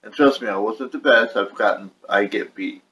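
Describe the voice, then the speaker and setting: Man, low voice, frustrated, rambling vlog rant, faint room ambience. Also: moderate pace, fairly bright tone, slight background noise, poor audio. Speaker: vlogger. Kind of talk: casual venting to camera. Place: at home with his dog on his lap.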